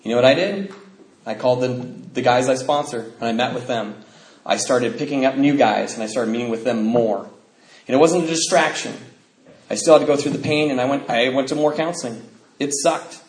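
A middle-aged man shares his own story of recovery, his voice surging and dropping with emotion. His pitch sits in an ordinary middle range. The sound carries a clear echo from the room. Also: a little fast. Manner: emotional storytelling with sudden swings in loudness. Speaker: speaker sharing at a recovery meeting. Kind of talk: personal testimony talk. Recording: echoey room.

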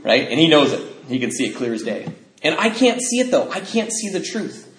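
Man, fairly high voice, lively storyteller who acts out others; roomy echo, light noise behind. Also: a little fast. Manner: animated storytelling, acts out others in quotes with big pitch jumps, laughing often. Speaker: recovery speaker sharing his story. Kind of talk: storytelling talk to a group.

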